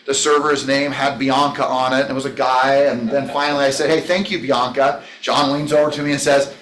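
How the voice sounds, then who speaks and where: A man with a mid-range, slightly bright voice and a level tone talks a little fast while leading a business training. His motivational session is enthusiastic and rambling, with listeners addressed by name, in an echoey training room.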